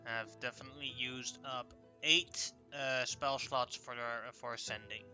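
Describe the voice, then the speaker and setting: A man as game master, calm and a little hesitant as he runs a tabletop game. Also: medium pitch, measured pace, faint music behind.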